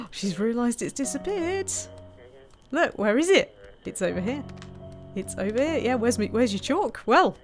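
A woman's voice: on the high side, big pitch swings, measured pace, faint music behind. A woman commenting casually as she plays a video game, chatty and often laughing, teasing the characters on screen. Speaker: gaming streamer. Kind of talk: casual let's-play commentary.

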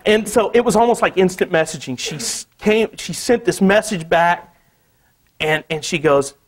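A man from Missouri, an artist telling a story at a museum talk in an animated way, laughing often and saying "you know" a lot. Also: high voice, normal speed. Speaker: artist giving a gallery talk. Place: museum lecture space.

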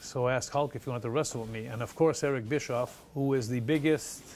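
A Canadian man, a retired pro wrestler, telling stories in an animated interview and acting out the people he quotes. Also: medium pitch, quick pace, a little hiss or hum. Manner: excited, laughing storyteller who acts out quotes.

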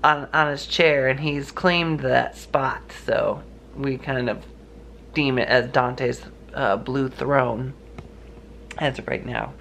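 A man's voice: mid-range voice, fairly even intonation, slow, creaky, a bit bright, slight background noise. A man vlogging in a casual, rambling, chatty way with lots of fillers. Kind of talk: casual vlog chat. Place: home, then a store.

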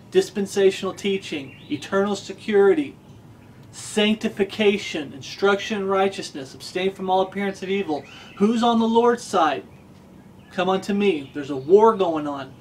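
Fervent high-voiced male preacher. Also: a little hiss or hum. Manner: fervent, repeats questions for emphasis. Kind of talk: sermon.

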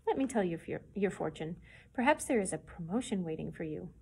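A woman's voice: on the low side, lively intonation, brisk, creaky, a little mellow, breathy edge, full character voice. A woman reading aloud and voicing a sly older female fortune-teller in a storybook, coaxing and evasive.

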